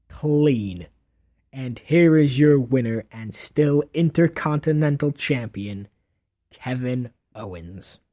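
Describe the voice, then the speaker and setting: Slow, mellow-voiced male wrestling fan. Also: medium pitch. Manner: unhurried, offhand storytelling with self-corrections. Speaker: wrestling fan recapping an imagined match. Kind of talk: casual play-by-play narration.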